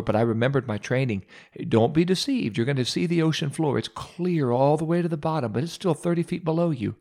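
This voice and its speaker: A man hosting a radio devotional, telling a humorous, self-mocking story with dramatic pauses. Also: medium pitch, darkish tone.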